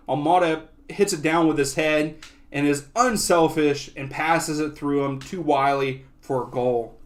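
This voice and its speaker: A young man hosting a soccer watch-along, giving casual live play-by-play that often turns excitable. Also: a little high, unhurried. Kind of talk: live match commentary.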